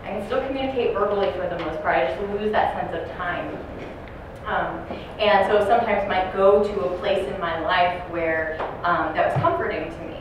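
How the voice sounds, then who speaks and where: Woman telling stories to a care class, shouts out the residents' lines, echoey far mic, noisy. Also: on the low side. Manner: storytelling, acts out residents loudly. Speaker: dementia care trainer. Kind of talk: training talk to a class.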